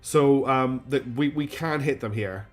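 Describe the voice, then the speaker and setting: A man's voice: medium pitch, measured pace. Chatty man thinking aloud. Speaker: streamer playing a strategy game. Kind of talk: live game commentary.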